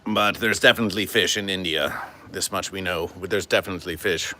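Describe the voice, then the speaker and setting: A man hosting a comedic livestream, talking to his chat in a deadpan, stilted, formal way and calling himself by his show's name. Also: low-pitched, a little fast, a little hiss or hum. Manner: deadpan, stilted formal phrasing, refers to himself in third person. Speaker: livestream host.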